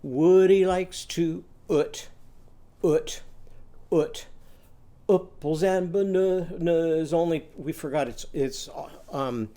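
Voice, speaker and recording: A teacher leading a phonics lesson for young children, chanting in a sing-song call-and-response with drawn-out vowels. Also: mid-range voice, mellow.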